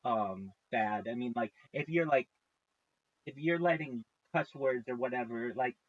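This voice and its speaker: A man's voice: mid-range voice, measured pace, dry recording. Rambling man on a lo-fi stream. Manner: rambling, restarts, swears freely. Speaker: live streamer. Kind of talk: casual live-stream chat.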